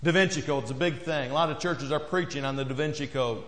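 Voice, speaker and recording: A male pastor delivers a sermon in a slightly raised voice. He preaches conversationally, often dropping low and soft to hammer a point home. The sound rings around a roomy church hall with a long tail. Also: fast talker. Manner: conversational preaching, acts out quoted voices, drops low and quiet for emphasis. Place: church sanctuary.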